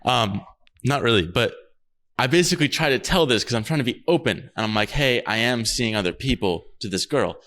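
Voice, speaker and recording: A man's voice: mid-range voice, expressive, brisk, a bit bright. A young man co-hosting a podcast, telling a rambling story in casual chat, laughing often and swearing freely. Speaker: podcast co-host.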